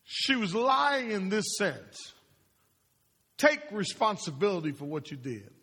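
A man preaching in a sermon, his voice high and a little husky. He throws questions to the congregation and repeats lines for emphasis, with a long reverb trailing behind him in the hall. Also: sing-song, measured pace, sharp tone. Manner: call-and-response, questions to the congregation; repeats phrases, rising and falling emphasis.

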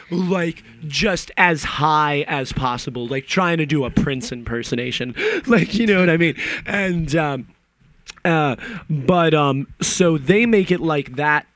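A man's voice: a little high, unhurried, fairly bright tone, dry recording. A man on a podcast ranting about a movie in a casual, profane and opinionated way, wandering off into side stories. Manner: profane, opinionated, digressive storytelling.

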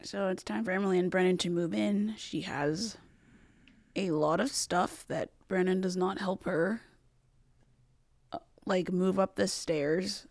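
A woman's voice: fairly low pitch, steady tone, a little slow, dry recording, clean studio sound. A woman co-hosting a podcast, chatting casually about a reality show and using a lot of "like". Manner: chatty, frequent "like" fillers. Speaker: podcast co-host. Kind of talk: casual podcast recap chat.

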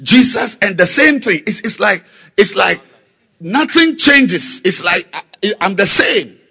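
A man preaching a sermon, slow and emphatic, repeating key words and building to loud exhortation. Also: high-pitched, lively intonation, creaky, husky, highs cut off. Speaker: pastor.

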